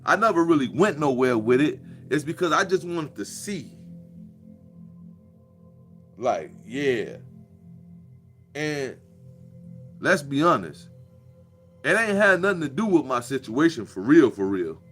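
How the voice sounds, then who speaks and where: A man's voice: medium pitch, big pitch swings, a little slow, pauses often, fairly bright tone, faint music behind. A man, delivering a profane, preachy monologue with a mocking edge. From Chicago. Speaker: commentator. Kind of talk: casual monologue.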